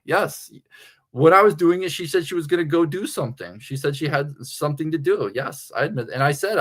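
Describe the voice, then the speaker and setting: A man's voice: on the high side, a bit bright. A slightly tipsy man hosting a livestream, rambling crudely and laughing often. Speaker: livestream host. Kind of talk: casual livestream chat.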